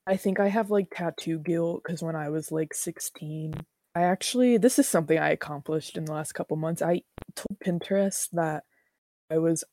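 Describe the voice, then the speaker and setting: A woman's voice: low-pitched, normal speed, mellow, no echo, clean studio sound. A woman in her twenties co-hosting a podcast in casual chat, rambling and self-deprecating, laughing often. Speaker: podcast co-host.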